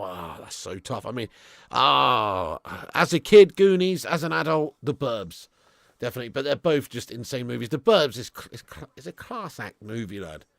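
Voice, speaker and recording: A young man hosts a football watch-along stream full of banter, swinging excitedly from loud hype to low mutters. His fairly high voice has a gravelly edge with vocal fry. The sound is close and dry, with no room sound at all.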